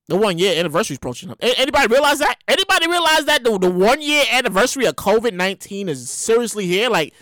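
A woman with a New York accent hosting a casual commentary show, animated and emphatic, slangy, repeating her points. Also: on the high side, quick pace, no room sound. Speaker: show host.

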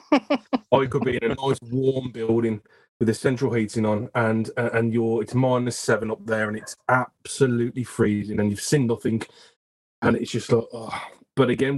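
A man with a Birmingham accent talks earnestly on a podcast as a guest photographer. His voice sits at an ordinary middle pitch, and he circles back over his words as he tells a story. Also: darkish tone, slightly rough, poor audio. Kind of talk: casual podcast chat.

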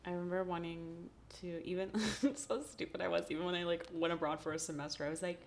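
Young woman podcast host, lower pitch, chatty and giggly, casual storytelling. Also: little pitch movement, fast, hardly any pauses. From Texas, USA. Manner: chatty, laughing, heavy use of "like". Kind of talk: casual chat.

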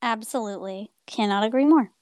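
A woman co-hosting a casual podcast in a high, smooth, clear voice, recorded dry and close. She is bubbly, laughs often and chimes in with quick agreement. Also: a little mellow, no echo. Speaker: podcast co-host.

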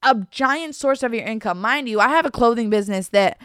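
A woman's voice: fairly high pitch, lively intonation, brisk, a bit bright, smooth, no room sound, clean studio sound. A young woman hosting her own podcast in a casual, confessional chat that rambles with repeated restarts and casual slang. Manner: rambling, fillers and restarts, says "bro". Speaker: podcast host.

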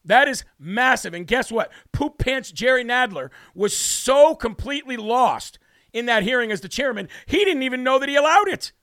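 Brash, worked-up man, high voice. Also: animated, normal speed, a bit bright, no room sound, studio quality. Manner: brash, combative, repetitive declarations. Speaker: political talk show host. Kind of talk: heated political commentary monologue.

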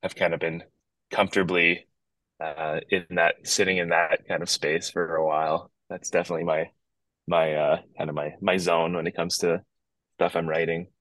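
Speaking over a video call from his backyard, this very low-voiced musician from Northern Ontario, Canada, joins a podcast as a guest at a moderate pace. He's easygoing and wandering, frequently restarting his thoughts, and the rough recording is close and dry, without echo.

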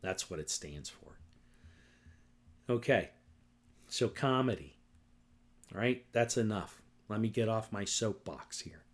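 Slow and fairly low-pitched, with lively intonation and long pauses, a middle-aged man rants angrily through his solo podcast. He swears heavily, repeats himself, and keeps punctuating points with "right?" and "okay?"

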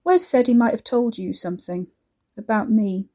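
A woman voicing a menacing, swaggering man who taunts loudly and swears coarsely, in a storybook reading. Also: on the high side, normal speed. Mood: taunting. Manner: loud, goading, coarse swearing. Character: menacing, swaggering male brute, taunting and volatile.

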